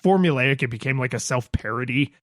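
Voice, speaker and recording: A man's voice: medium pitch, expressive, brisk, a bit bright, no room sound. Rambling man co-hosting a podcast, dry mic. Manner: rambling, self-deprecating, acts out quotes in raised voices. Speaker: podcast co-host. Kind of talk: casual chat.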